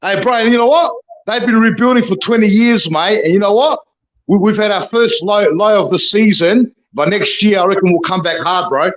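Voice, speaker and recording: A man's voice: high-pitched, a little fast, highs cut off. An Australian man chatting as a fan guest, blokey and stammering, tacking "mate" and "bro" onto everything. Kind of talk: casual footy chat.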